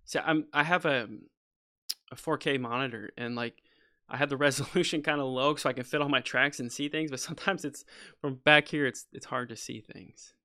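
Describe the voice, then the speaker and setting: A man's voice: medium pitch, steady tone, moderate pace, pushed and bright. A man composing on a livestream, talking casually and at length with many restarts, opinionated about his craft. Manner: rambling, restarts often, says "freaking" and "you know"; opinionated, goes off on a soapbox. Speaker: composer streaming a session. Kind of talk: casual livestream talk while working.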